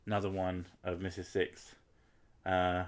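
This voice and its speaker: A man's voice: low voice, completely flat delivery, measured pace. A man, chatting casually and rambling on a live stream, swearing freely and joking at his own expense. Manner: rambling, sweary, self-mocking humour. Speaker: game streamer.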